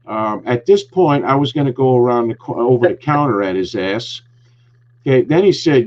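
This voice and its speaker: A man's voice: mid-range voice, expressive, normal speed. A man hosting a talk show, telling an angry story with lots of swearing and heat. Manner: profane, heated ranting storyteller. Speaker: podcast host. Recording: dull lo-fi recording.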